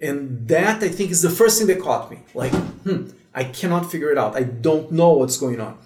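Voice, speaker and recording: A man from Brazil with a Brazilian Portuguese accent, a drummer telling his story as an interview guest, animated and full of fillers. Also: fairly high pitch, a little fast, echoey room, noisy background.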